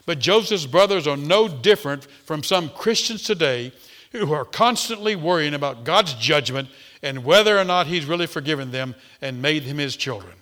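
A man's voice: on the high side, animated, normal speed, a bit bright. A man preaching a sermon, reading and explaining a passage, often repeating words as he starts a thought. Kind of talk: expository sermon.

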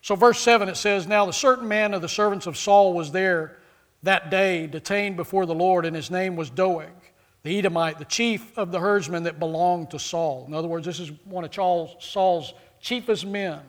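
A man delivers a fervent sermon at a moderate pace. He climbs to loud, emphatic peaks, falls low again, and acts out the voices of figures from scripture.

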